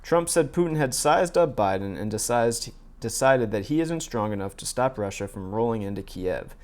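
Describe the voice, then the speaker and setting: A man's voice: medium pitch, expressive, normal speed, a little mellow. A man hosting casual political commentary, reading articles and quotes aloud in his own plain voice with sardonic asides. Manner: frequent fillers and restarts, asides.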